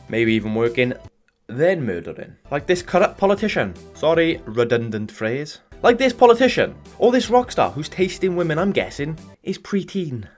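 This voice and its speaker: Sardonic British man, lively voice. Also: on the high side. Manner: sardonic, sweary deadpan jokes. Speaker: gaming YouTuber. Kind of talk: comedic voice-over commentary.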